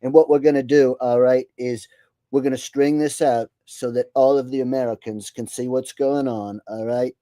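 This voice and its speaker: A man's voice: medium pitch, fairly even intonation, moderate pace, mellow, no echo, lightly acted. A man putting on the voice of a boastful older president who rambles and keeps saying "all right?". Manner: repeats "all right?", brags and boasts, mocking. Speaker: host doing an impression. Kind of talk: comedic impression.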